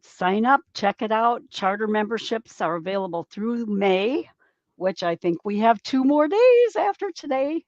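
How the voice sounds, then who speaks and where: A woman's voice: a little high, sing-song, measured pace, no echo. A woman hosting an interview, wrapping up with friendly thanks and affirmations over a video call. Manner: friendly wrap-up with repeated affirmations. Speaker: host. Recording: dry, dull lo-fi video call audio.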